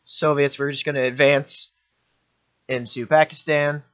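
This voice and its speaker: A man's voice: a little high, little pitch movement, measured pace, a bit bright, highs cut off. A young man giving offhand, rambling commentary while playing a strategy game, often correcting himself. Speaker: gaming commentator. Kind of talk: let's play commentary.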